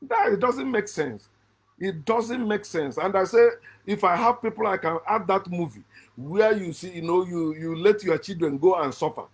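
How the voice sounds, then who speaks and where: A middle-aged man from Africa, hosting a channel, delivering an emphatic spoken commentary that swings from loud, high bursts to low muttered asides and often restarts his sentences. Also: moderate pace, breathy edge. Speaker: channel host.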